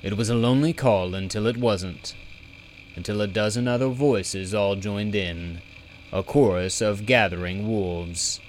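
A man reading a fantasy audiobook aloud at an unhurried, deliberate pace. His voice sits on the lower side, and a faint hiss lies beneath his steady narration. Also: poor audio. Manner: measured, steady storytelling. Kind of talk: scripted narration.

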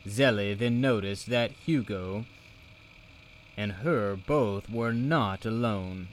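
A man reading a children's fantasy book aloud, narrating in a measured, expressive storytelling manner. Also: lowish voice, a little hiss or hum. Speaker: reader.

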